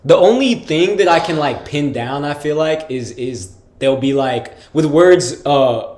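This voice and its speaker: A man's voice: fairly high pitch, lively intonation, unhurried, a little mellow. An American man co-hosting a casual podcast chat, speaking in a loose, slangy way with lots of filler words. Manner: laid-back slangy talk, lots of "like" and "bro". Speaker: podcast co-host. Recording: echoey room.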